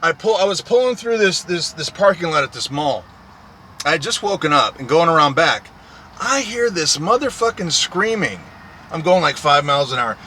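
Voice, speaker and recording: A man's voice: fairly high pitch, big pitch swings, moderate pace, sharp tone, slight background noise. A man, a truck driver, in a profane, repetitive, aggrieved ranting monologue.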